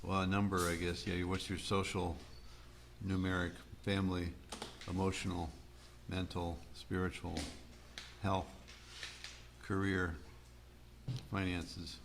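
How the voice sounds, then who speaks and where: A man's voice: sits low, flat delivery, slow, long pauses. A man taking part in an online course, puzzling aloud over an exercise during a video call. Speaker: course participant. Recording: noisy call audio.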